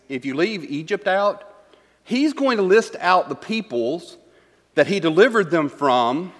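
A man's voice: mid-range voice, a bit bright. A man teaching a Bible study class. He reads verses aloud and puts questions to the group. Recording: long hall reverb.

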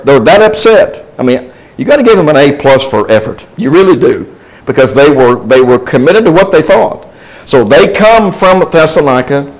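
A man's voice: mid-range voice, low-quality recording. A man teaching a Bible class in a conversational way. He asks the class questions and answers them himself, with restarts and asides along the way.

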